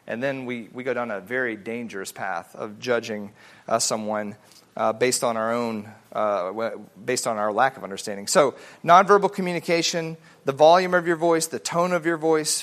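A man teaching a family Bible study in a casual, animated way, acting out the voices he quotes. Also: mid-range voice.

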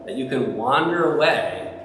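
A man's voice: medium pitch, animated, normal speed, background noise. A man preaching a sermon as pastor, speaking conversationally and asking the congregation questions. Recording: echoey hall, voice from far off.

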